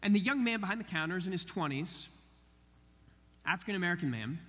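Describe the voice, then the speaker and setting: High-voiced man preaching in a reverberant hall. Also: fast. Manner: animated, acts out quoted voices. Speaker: pastor. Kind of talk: sermon storytelling.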